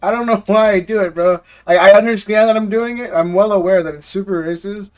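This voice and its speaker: A man's voice: sits high, a little fast, a little mellow. A man hosting a live stream, chatting casually and jokingly with viewers in loose slang, often repeating words as he goes. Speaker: live-stream host opening trading card packs.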